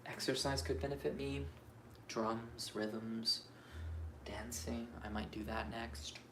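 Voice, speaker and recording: A man's voice: medium pitch, steady tone, takes it slowly. A man giving a raw, unscripted monologue for his astrology channel, cursing freely as he vents. He circles around his thoughts and second-guesses himself aloud, with a faint hum of room ambience behind him. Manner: frank, profane venting; restless, self-questioning rambling.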